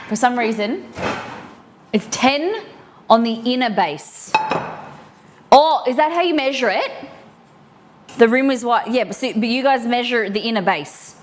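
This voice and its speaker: A woman's voice: fairly high pitch, expressive, unhurried, pauses often, noisy background. A woman hosting a live cooking stream, chatting casually with her viewers as she reads out a recipe and works in the kitchen. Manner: chatty, answers chat while cooking and reading a recipe aloud. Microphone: streaming mic.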